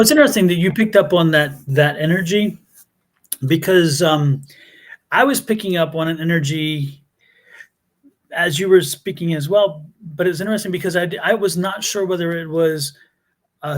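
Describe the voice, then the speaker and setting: Guy on a psychic livestream, higher voice, asks lots of questions, stumbles and restarts. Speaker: psychic reader. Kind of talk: live psychic reading on a stream.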